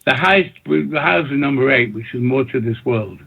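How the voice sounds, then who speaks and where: Talking briskly at a medium pitch, a male record producer and DJ gives an interview full of long, rambling stories, speaking in bursts, repeating himself, and restarting sentences frequently. His voice is gravelly and husky, heard over tinny phone-line audio.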